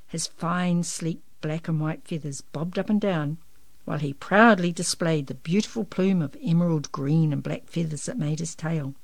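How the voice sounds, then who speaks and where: A woman reading a children's picture book aloud in an expressive, lively storytelling manner. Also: low voice, normal speed, gravelly, dry recording.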